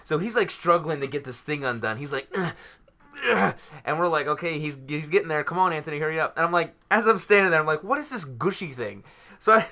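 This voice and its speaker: Animated young man telling a story. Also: on the high side, fast. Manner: animated storyteller, acts out quotes loudly. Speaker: podcast co-host. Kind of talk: casual chat, storytelling.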